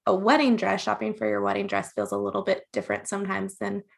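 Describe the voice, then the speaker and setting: A woman hosting a podcast who gushes over her guest with enthusiasm and big jumps in pitch. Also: sing-song, fast talker, vocal fry, slightly rough. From US South. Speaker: podcast host. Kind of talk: podcast interview.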